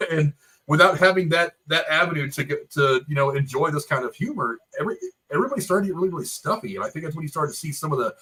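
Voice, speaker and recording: Husky male co-host, slightly high voice, thoughtful, explains at length. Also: expressive, fast, sharp tone, poor audio. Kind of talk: casual movie review chat.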